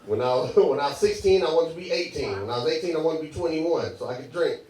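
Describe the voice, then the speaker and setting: A young man from Michigan performing a stand-up comedy set in a club, animated and laughing through his jokes. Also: fairly high pitch, fast, a little hiss or hum. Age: young adult. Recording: echoey room, far mic, loud crowd.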